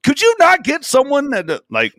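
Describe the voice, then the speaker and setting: A man's voice: extremely high pitch, huge pitch swings, normal speed, a bit bright, no room sound, studio quality. A man co-hosting a podcast in casual chat, profane and mocking, often slipping into goofy impressions. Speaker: podcast co-host.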